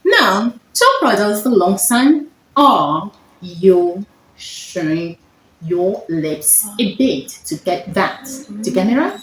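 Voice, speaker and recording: Slow, lively-voiced woman phonics tutor. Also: medium pitch. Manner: slow, repetitive teacher checking understanding. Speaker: phonetics tutor. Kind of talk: one-on-one phonics lesson. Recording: echoey room with faint noise.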